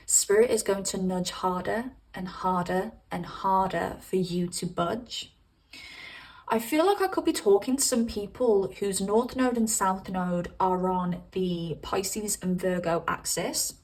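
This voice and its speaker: A woman talks through a pick-a-card tarot reading in a loose, chatty way. She giggles as she muses about what she senses. Her voice sits at a middling pitch and sounds a little distant from the mic. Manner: chatty, giggly, intuitive musing. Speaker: tarot reader.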